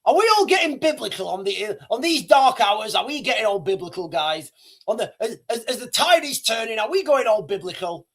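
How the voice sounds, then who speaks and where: A man's voice: high-pitched, animated, normal speed, fairly bright tone, husky. A man hosting a casual livestream, talking in a rambling way with many restarts and fillers. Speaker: livestream host.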